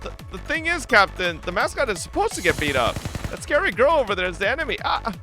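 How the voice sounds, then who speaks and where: A man streaming a game, reading its dialogue aloud in an animated, playful way. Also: sits high, fast, over music.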